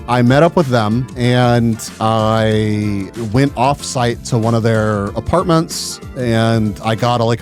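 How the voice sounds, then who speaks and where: A man telling a con story in a casual vlog, swearing freely and getting exasperated. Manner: profane and animated, pitch jumping up when exasperated. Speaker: vlogger.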